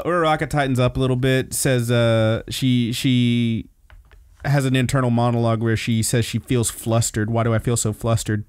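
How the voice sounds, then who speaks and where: A man's voice: mid-range voice, clear, resonant tone, dry recording. A man hosting a podcast, recapping episodes in a laid-back, casual way and swearing freely. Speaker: podcast host.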